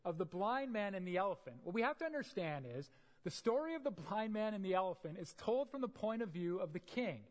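A preacher tells a parable and then explains it in a sermon. The delivery is emphatic and animated, with a lively pitch and frequent "right?" asides. A long reverb trails through the hall. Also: fairly quick. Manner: storytelling, emphatic, often adds "right?".

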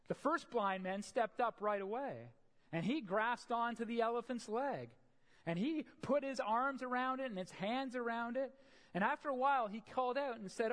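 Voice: medium pitch, long reverb tail. A preacher telling a parable in a sermon, emphatic, often checking in with "right?".

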